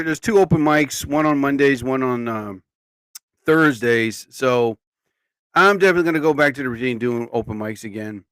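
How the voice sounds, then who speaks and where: A man's voice: mid-range voice, a bit bright, clean tone, no echo. A man hosting his own live show, chatting casually and rambling with frequent exclamations. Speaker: host. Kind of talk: casual livestream chat.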